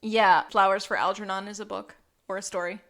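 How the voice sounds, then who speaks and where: Woman cohosting a podcast, chatty and loose, lots of "like", laughs a lot, mid pitch. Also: flat delivery, brisk, fairly bright tone. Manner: chatty, laughs often, filler "like". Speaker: podcast co-host. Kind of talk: casual chat.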